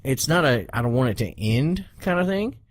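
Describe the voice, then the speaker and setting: A man's voice: mid-range voice, very animated, moderate pace, no room sound, clean studio sound. A man co-hosting a casual gaming podcast, swearing freely and acting out his own reactions as he talks. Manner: profane, emphatic, acts out his own reactions. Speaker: podcast co-host.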